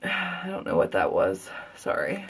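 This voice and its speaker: A woman's voice: fairly low pitch, wildly swooping pitch, measured pace, slightly rough. A woman and mother chatting casually at home in a live beauty product review, rambling and gushing. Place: at home, children heard downstairs.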